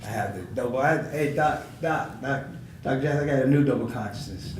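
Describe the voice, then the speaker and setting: Forties guy, comedian on a panel, animated storyteller doing voices, kinda far from the mic, noisy echoey hall. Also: medium pitch, a little fast. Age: 40s. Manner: animated storyteller who acts out quoted voices with laughter.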